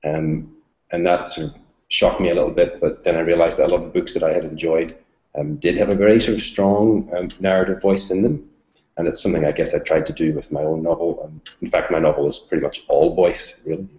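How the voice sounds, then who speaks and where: Low-voiced hesitant man. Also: little pitch movement, a little fast, warm tone, dull audio. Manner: hesitant, many ums and restarts. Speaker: novelist and book reviewer. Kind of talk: interview over video call. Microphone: video call. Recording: roomy echoey video call.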